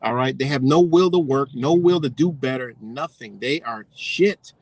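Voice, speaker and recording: A man's voice: medium pitch, moderate pace, no room sound. A man ranting profanely in a casual livestream, rambling and losing his train of thought. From United States.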